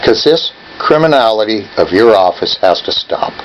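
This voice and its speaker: A man's voice: fairly low pitch, lively intonation, normal speed, highs cut off, a little hiss or hum. A man in his seventies calling an office and berating the person on the line, confrontational and badgering. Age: 70s. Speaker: caller. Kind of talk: angry phone call.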